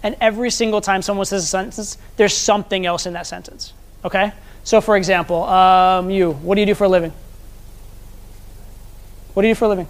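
A man's voice: high voice, fairly even intonation, fairly quick, long pauses. A man teaching a live seminar as a social skills coach, talking conversationally and often checking in with the audience.

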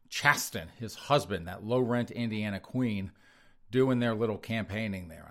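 A man in a podcast rant, reading out headlines and tearing into them with sneering sarcasm. He chuckles at his own lines as he goes, and his voice sits on the low side. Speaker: podcast host. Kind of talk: sarcastic news commentary.

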